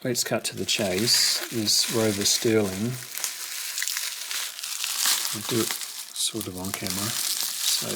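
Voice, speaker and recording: Middle-aged man, low gravelly voice, slow and musing, home unboxing with crinkling packaging behind. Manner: quiet, musing, talks half to himself. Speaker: collector unboxing a haul. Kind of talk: casual unboxing commentary. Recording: rustling packaging noise behind.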